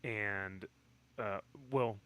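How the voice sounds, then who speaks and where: A man in casual chat, talking in a halting, rambling way with many fillers and restarts. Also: lowish voice, fairly bright tone, clear, resonant tone. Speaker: stream guest.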